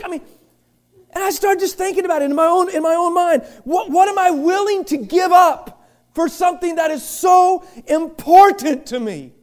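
A middle-aged male pastor preaching a sermon, chatty and joking, swinging from quiet asides to loud shouted bursts. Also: very high-pitched, moderate pace. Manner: chatty, joking storyteller with many restarts.

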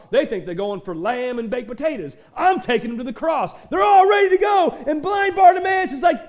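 Guy preaching in church, really high voice, goes from quiet to yelling. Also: animated, a little fast, few pauses. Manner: preaching with sudden shouted peaks and quiet asides. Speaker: pastor. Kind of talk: sermon.

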